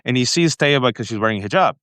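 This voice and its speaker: A man's voice: mid-range voice, fast talker, no echo, clean studio sound. An American man hosting an interview, telling an anecdote and acting out the voices he quotes. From United States. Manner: animated storyteller, acting out quotes. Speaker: host. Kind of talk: casual interview chat.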